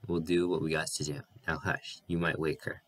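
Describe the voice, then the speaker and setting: A man voicing a weary, gentle rural mother, speaking quietly and soothingly in plain country speech. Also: extremely low pitch, flat delivery, normal speed.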